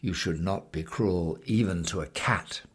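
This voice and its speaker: A man's voice: low-pitched, lively intonation, a little slow, husky, full character voice. A man voicing a proud, sly male wild cat in a storybook reading, haughty and wheedling by turns.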